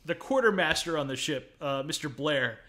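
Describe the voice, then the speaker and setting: A man co-hosting a casual film review podcast, animated and quick to laugh, with jokey asides. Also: a little high. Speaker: podcast co-host.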